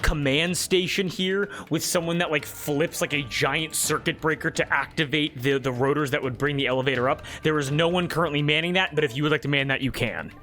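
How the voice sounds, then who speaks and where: A man's voice: a little high, brisk, few pauses, sharp tone. A man narrating a tabletop game as game master, hesitant with many fillers and restarts.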